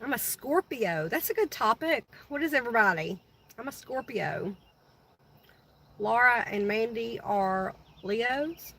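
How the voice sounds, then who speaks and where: A woman's voice: fairly high pitch, lively intonation, a little slow, vocal fry, fairly bright tone, slight background noise, poor audio. A middle-aged woman hosting a casual livestream, chatting with viewers and answering their comments by name. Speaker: livestream host.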